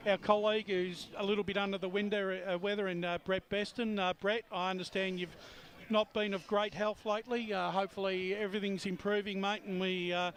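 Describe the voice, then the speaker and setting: A man giving his tip on radio, steady and matter-of-fact. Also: high-pitched, fairly quick, few pauses. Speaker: radio football commentator. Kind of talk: pre-match radio chat.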